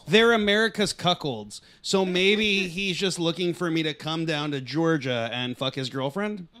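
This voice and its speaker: Man, guest comic, crude deadpan jokes, slightly high voice. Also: unhurried. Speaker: guest comedian. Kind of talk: casual comedy podcast banter.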